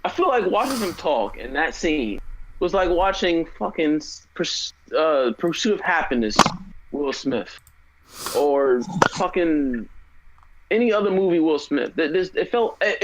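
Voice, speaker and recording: A man talks loosely on a podcast, swearing and restarting his sentences as he goes. His voice sits a little high and swings up and down a lot. A faint hiss sits under the recording. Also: lo-fi sound. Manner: animated, swearing, stumbling restarts, mocking impressions. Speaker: podcast co-host. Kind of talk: casual chat.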